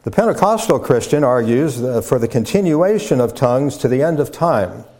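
A man, a pastor, delivering a teaching sermon in a measured way, with fillers and repeated words as he builds his points. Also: medium pitch, animated, a little mellow. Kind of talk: sermon lecture.

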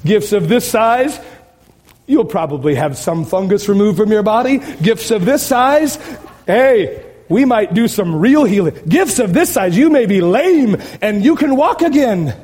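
A man's voice: high-pitched, lively intonation, a little slow, a little mellow. A pastor voicing a pushy male faith healer who sells healing for donations, in a salesman's patter. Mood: mocking hustle. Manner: salesman patter, barking orders.

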